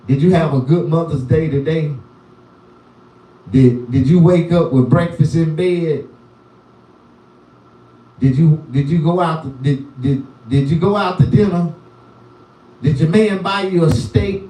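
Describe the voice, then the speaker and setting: A man's voice: a little high, mellow, distant mic. A man doing loose, rambling stand-up on a live stream, with a profane and repetitive manner. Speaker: comedian. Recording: roomy sound, voice from the mic.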